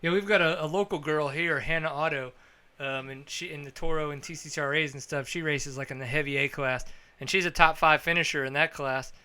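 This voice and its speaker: Bright, energetic male podcast host. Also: a little fast, clean tone. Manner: upbeat, joking, bursts of high energy. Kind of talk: casual podcast chat.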